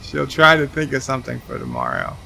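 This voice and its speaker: A man's voice: mid-range voice, huge pitch swings, brisk, vocal fry, bright, forceful tone, faint music behind. A man streaming a game, reading chat messages aloud and answering them with dry asides. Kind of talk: casual livestream commentary.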